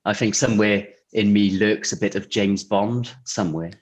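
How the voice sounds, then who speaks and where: A man talking casually as an interview guest, relaxed and chatty, with many fillers and restarts. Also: lowish voice, normal speed. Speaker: guest, insurance technology vendor.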